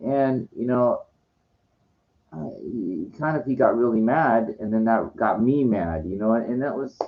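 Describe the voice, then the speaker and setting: A man's voice: mid-range voice, lively intonation, a little slow. An older man telling a rambling, frustrated story in casual talk, swearing freely. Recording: dull lo-fi sound.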